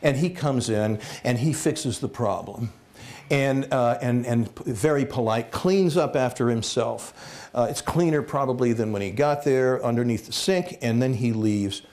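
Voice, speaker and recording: A man giving a comic storytelling talk as guest speaker at a college, animated and jokey, acting out voices. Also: medium pitch, unhurried. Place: lecture hall at a college.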